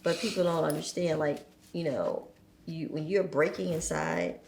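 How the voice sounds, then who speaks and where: A woman's voice: low voice, animated, normal speed, a little mellow. A woman speaking reflectively as a podcast guest, thoughtful and full of "you know" fillers. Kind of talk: reflective conversational talk. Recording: echoey room, faint noise.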